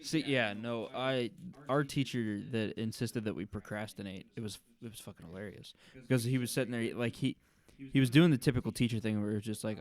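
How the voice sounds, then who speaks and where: A young man co-hosting a podcast, chatting casually and telling animated stories, swearing freely. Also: mid-range voice, a little fast. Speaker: podcast co-host. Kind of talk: casual chat.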